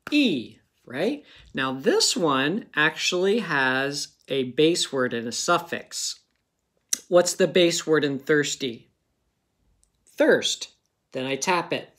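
A man teaching young children to read, talking slowly and patiently. He breaks words into single sounds and stretches them out. He keeps checking in with the class after nearly every sentence. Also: fairly high pitch, fairly bright tone. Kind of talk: phonics lesson for children.

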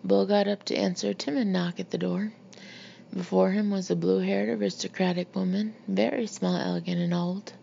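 A woman narrating an audiobook in a steady, measured, gravelly voice, in a muffled lo-fi recording. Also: medium pitch. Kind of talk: audiobook reading. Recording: muffled lo-fi recording with faint hiss.

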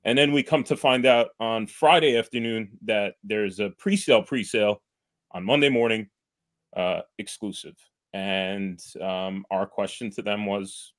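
A man's voice: fairly low pitch, fairly even intonation, a little slow, fairly bright tone. A man with a New York accent, a supporters club organizer talking through events as a podcast guest, detailed and methodical. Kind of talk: casual podcast chat.

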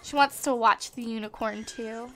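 A young woman giving chatty, excitable let's play commentary as a gaming channel host on a desktop microphone at home. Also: fairly high pitch, normal speed. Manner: chatty and excitable, gasping at surprises. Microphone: desktop USB microphone.

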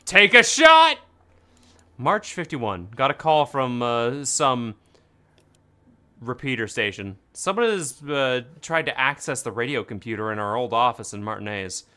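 A man's voice: mid-range voice, normal speed, bright, forceful tone. A man playing a game with friends, reading on-screen text aloud with stumbles, laughter and swearing. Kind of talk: casual let's-play chat.

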